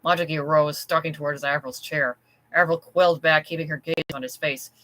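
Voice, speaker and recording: Author narrating own gothic novella, bright tone, steady delivery. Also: mid-range voice, fairly quick, rough recording. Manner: steady storytelling. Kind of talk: scripted audiobook narration.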